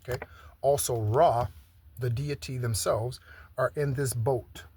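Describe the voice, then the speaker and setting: A man's voice: medium pitch, fairly even intonation, measured pace, darkish tone, breathy edge. Chatty man giving a spiritual tarot reading. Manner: chatty, repeats "okay?" often. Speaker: tarot reader. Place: home in Southern Arizona.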